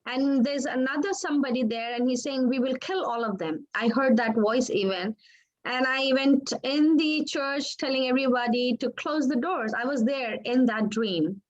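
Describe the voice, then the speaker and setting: High-voiced woman, earnest and halting. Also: dull audio. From Pakistan. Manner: earnest, halting, with restarts and repeated words. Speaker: interview guest, author. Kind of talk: personal testimony.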